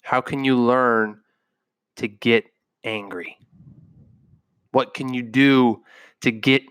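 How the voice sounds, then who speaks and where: A man's voice: medium pitch, a bit bright, smooth, no echo, studio quality. A man hosting a podcast, delivering an intense motivational monologue into a microphone, emphatic and repeating phrases for punch. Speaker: podcast host.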